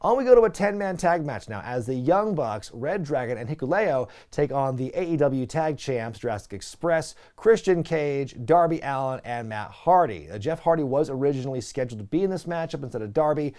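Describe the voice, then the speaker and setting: A man's voice: mid-range voice, animated, fairly quick, hardly any pauses, a little mellow. A man casually recapping and reviewing a wrestling show, rambling and opinionated with frequent fillers.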